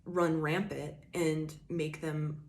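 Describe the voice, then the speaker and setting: Low-pitched woman, tarot reader, casual and blunt, cusses freely, rambling filler-heavy delivery. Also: flat delivery, slow, slight background noise. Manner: emphatic, swears freely, addresses the viewer directly; loose rambling talk with frequent "like" and "you know". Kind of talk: casual collective tarot reading.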